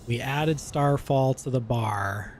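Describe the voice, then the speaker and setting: A male gaming streamer in casual, rambling commentary. He speaks at an ordinary mid pitch and gets enthusiastic with slangy excitement while he plays. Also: slow pace, faint music behind.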